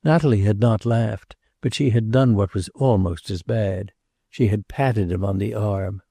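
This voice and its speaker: A man reading a novel aloud as an audiobook narrator, in a measured, unhurried way. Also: lowish voice, vocal fry, warm tone, no room sound, studio quality. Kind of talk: scripted narration.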